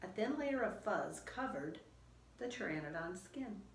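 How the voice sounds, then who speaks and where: A woman reading a children's storybook aloud in a slow, expressive storytelling manner. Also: mid-range voice, slight background noise. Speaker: children's book reader. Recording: roomy echo.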